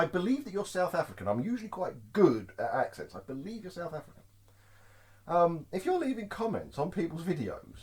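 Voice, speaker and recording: A man vlogging as a truck driver, ranting casually to camera, often laughing and checking in with the viewer. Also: fairly high pitch. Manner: lively, keeps asking "Yeah?" to the viewer; laughs often between points.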